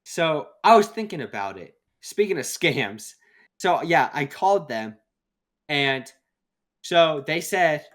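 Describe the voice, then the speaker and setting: A young man chats on a casual podcast, spinning a long anecdote and cursing as he goes. His voice sits a little higher than most men's. He laughs at his own stories. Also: very animated, slow pace, a bit bright. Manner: rambling storyteller, swears freely, laughs at own stories. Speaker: podcast co-host. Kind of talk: casual chat.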